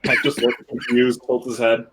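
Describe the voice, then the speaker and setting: A man playing a tabletop game, describing his character's actions in an expressive way. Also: medium pitch, normal speed, slightly rough. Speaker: player. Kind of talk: casual game talk.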